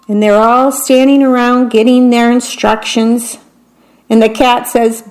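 Slow, expressive woman reading picture books. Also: on the high side, low-quality recording. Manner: slow, expressive read-aloud with descriptions of the pictures. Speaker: storybook reader.

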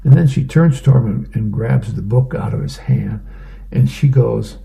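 A man reading the newspaper comics aloud for a radio reading service, casual and relaxed with fillers. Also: medium pitch, normal speed, gravelly, low-quality recording. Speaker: volunteer newspaper reader.

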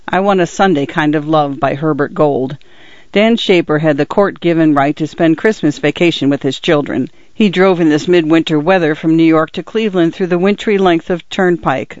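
Woman, narrator, scripted story reading, measured, dull lo-fi, dry. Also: low-pitched, a little mellow, dry recording.

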